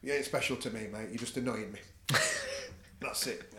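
A man's voice: mid-range voice, wildly swooping pitch, moderate pace, noisy background. A middle-aged man with a Northern English accent, a podcast guest talking bluntly and swearing freely in casual chat. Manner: blunt, swears freely, laughs at own stories. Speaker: podcast guest, jiu-jitsu practitioner. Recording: echoey room.

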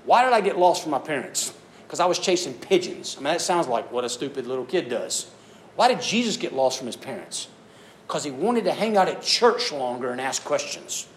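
A man preaching to a youth group, telling stories and acting out voices with animated delivery. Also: a little high, fairly quick, a little hiss or hum. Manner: animated storytelling, acts out voices. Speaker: youth speaker. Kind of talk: youth sermon.

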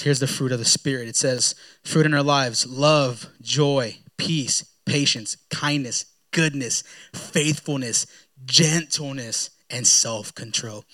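A man preaching a sermon in a relaxed, conversational way, often repeating words as he acts out his own prayers. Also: medium pitch. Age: young adult to middle-aged, a father. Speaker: pastor.

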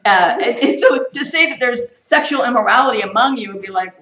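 A woman's voice: fairly high pitch, lively intonation, quick pace, fairly bright tone. A woman leading a Bible study, teaching in an emphatic sermon style full of rhetorical questions. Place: church. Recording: echoey room, mic far off.

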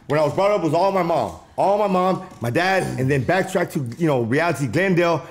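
Man, from Los Angeles area, casual storytelling, slangy, animated, slightly high voice. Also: brisk.

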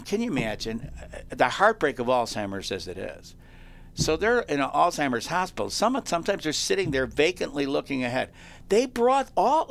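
A male talk show host excitedly telling feel-good stories in a chatty way, with frequent restarts. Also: a little high, creaky. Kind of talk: animated storytelling on a talk show.

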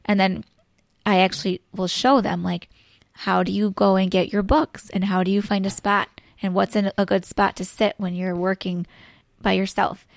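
A woman's voice: medium pitch, steady tone, moderate pace, creaky, dry recording, clean studio sound. A woman, an elementary school teacher, explaining classroom routines step by step in casual chat, full of "so, like" fillers.

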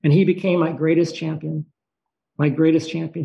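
A man telling a personal story in a halting, emotional way, pausing and restarting often. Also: on the high side, flat delivery, gravelly, mellow. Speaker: speaker sharing a personal story. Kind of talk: personal storytelling, reflective monologue. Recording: dull lo-fi recording.

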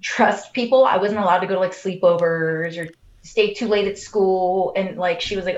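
A woman's voice: medium pitch, fairly even intonation, moderate pace. A woman co-hosting a podcast, telling a personal story in casual chat with lots of fillers. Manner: emotional storytelling, many fillers. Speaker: podcast co-host. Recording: roomy, dull lo-fi sound.

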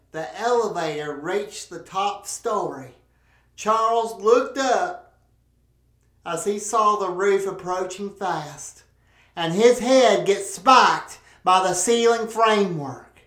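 A woman's voice: medium pitch, fairly bright tone. A woman hosting a podcast, telling a crude comic story full of swearing and rambling asides. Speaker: podcast host. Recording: roomy echo.

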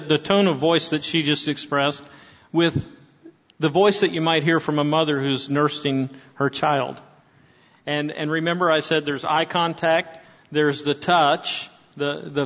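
A man's voice: fairly high pitch, fairly bright tone. A man in his sixties speaking to an audience, telling stories with frequent restarts. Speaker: speaker at a church gathering. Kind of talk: preaching-style talk to an audience. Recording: dull sound with long hall reverb.

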